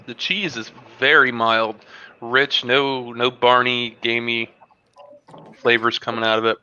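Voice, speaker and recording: A man hosting a casual online tasting show, describing a beer and a cheese in a relaxed, rambling way with plenty of fillers. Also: medium pitch, a little slow, smooth, lo-fi sound. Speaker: host reviewing beer and cheese. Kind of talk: casual tasting review on a video call. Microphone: video call.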